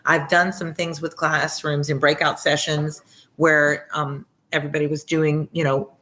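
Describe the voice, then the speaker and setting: Low-voiced Southern woman chatting with viewers. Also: level tone, moderate pace, fairly bright tone. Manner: chatty, rambling, sincere, answers viewer comments. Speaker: reading channel host, former teacher. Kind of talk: casual livestream chat with viewers.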